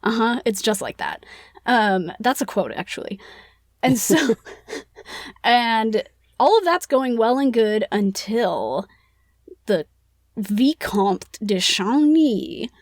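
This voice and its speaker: A woman's voice: on the high side, big pitch swings, slow pace, long pauses, no echo, clean studio sound. A woman co-hosting a casual book-club podcast, retelling a plot in a chatty, playful way with lots of "like". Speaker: podcast co-host.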